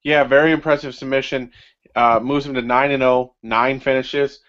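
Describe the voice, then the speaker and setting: A man's voice: mid-range voice, steady tone, moderate pace, fairly bright tone. Joking man co-hosting a podcast. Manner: joking, repetitive, filler-heavy. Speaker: podcast co-host. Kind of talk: casual sports podcast chat. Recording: dull lo-fi sound.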